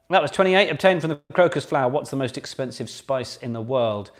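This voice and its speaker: A man's voice: mid-range voice, animated, normal speed. A man hosting a casual online pub quiz. He talks in a chatty, jokey way, repeats each question and reads out comments from viewers. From Britain.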